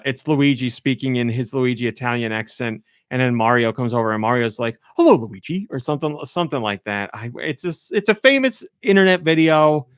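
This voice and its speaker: Male podcast host, mid pitch, dry close mic; loose, laughing, rambling delivery. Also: clear, resonant tone, no echo. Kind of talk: casual chat.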